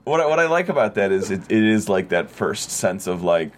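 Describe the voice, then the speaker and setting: Low-voiced man in casual chat. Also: sing-song, fairly quick, slight background noise.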